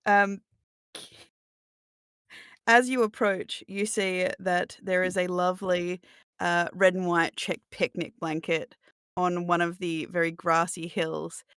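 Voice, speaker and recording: A woman acting as game master, narrating a tabletop role-playing scene in a relaxed, chatty way, often laughing. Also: fairly low pitch, takes it slowly, clear, resonant tone, no echo, studio quality.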